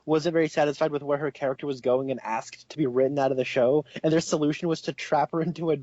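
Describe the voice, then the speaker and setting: A young man co-hosting a casual podcast chat, rambling and excitable, laughing often. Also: fairly high pitch, fast, dry recording, highs cut off. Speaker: podcast co-host.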